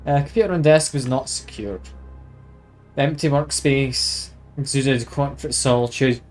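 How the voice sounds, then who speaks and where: A man's voice: medium pitch, normal speed, a little mellow, soft background music. A man streaming a detective game, chatting wryly and reading game text aloud. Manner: chatty, wry, reads aloud with asides.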